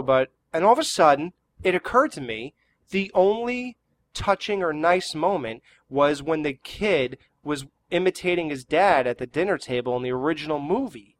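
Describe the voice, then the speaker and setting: Brief: man co-host with a slightly high voice, dry sarcastic storyteller, swears freely. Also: lively intonation, moderate pace. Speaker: podcast co-host. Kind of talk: casual movie review chat.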